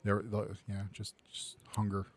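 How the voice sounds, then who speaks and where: A man co-hosting a podcast, chatting casually and haltingly, full of "you know.". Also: lowish voice, completely flat delivery. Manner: halting, filler-heavy. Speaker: podcast co-host. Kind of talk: casual chat.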